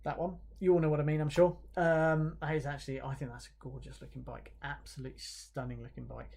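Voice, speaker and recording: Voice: mid-range voice, level tone, quick pace, creaky, a little mellow. A presenter announcing awards on a livestream, chatting in a casual, hesitant way with lots of fillers and light self-mocking jokes while reading viewer comments.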